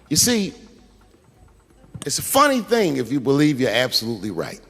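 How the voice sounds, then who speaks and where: A male comedian works a large theater stage with a handheld mic, spinning a profane, chatty story toward its punchlines. His voice sits a little high and leaps up and down with lively swings. A long hall reverb trails every phrase. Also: moderate pace. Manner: profane, conversational, building stories to punchlines. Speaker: stand-up comedian. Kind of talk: stand-up storytelling.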